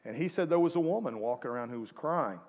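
A man preaching a sermon, swinging between loud exhortation and quiet asides. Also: mid-range voice, lively intonation, fast. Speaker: pastor. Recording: muffled, reverberant church hall.

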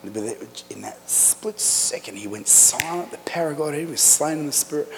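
A middle-aged man preaching a sermon in a church, telling stories with fervent, emphatic delivery that builds to loud climaxes. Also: fairly high pitch, animated, moderate pace, gravelly, noisy background. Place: church sanctuary. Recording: echoey church hall.

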